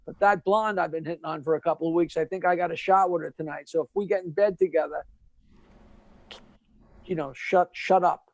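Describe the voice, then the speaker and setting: A man voicing a scheming middle-aged male bar owner in a joke, talking gruffly and conspiratorially. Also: a little high, steady tone, brisk, no echo, pitched below the performer's own voice, lightly acted. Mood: conniving.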